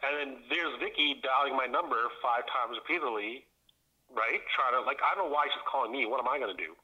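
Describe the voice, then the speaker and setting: A middle-aged man from Canada telling a story on a podcast, animated and laughing often as he acts out the voices of people in it. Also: medium pitch, fairly quick, breathy edge, muffled recording. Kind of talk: casual storytelling chat.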